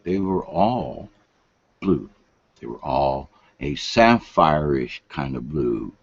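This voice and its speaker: A man's voice: very deep voice, animated, takes it slowly, vocal fry, slightly rough, no room sound. An older man, rambling folksy and meandering through a late-night monologue at home. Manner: folksy, meandering, drops to whispers. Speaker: vlogger. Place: home room, lights turned down. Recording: dull lo-fi sound.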